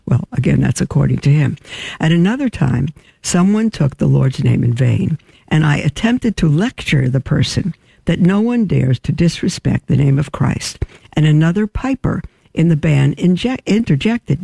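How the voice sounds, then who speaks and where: A woman, a religious sister hosting a talk show, reads listener emails aloud and answers them in an earnest, halting, frank way. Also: sits low, expressive, creaky, warm tone, breathy edge, no echo.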